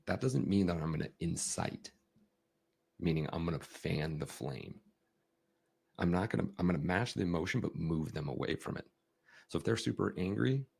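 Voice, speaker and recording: A man hosting a podcast, talking through ideas in a conversational coaching style, acting out emotions with big shifts in tone. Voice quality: deep gravelly husky voice. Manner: animated, acts out emotions with big swings in tone. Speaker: podcast host.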